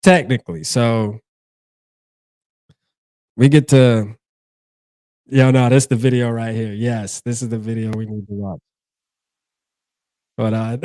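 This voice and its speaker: A man's voice: mid-range voice, fairly even intonation, a little slow, pauses often, mellow, no echo, studio quality. Laid-back slangy man hosting a fan show. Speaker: sports channel host. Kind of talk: casual fan talk on a stream.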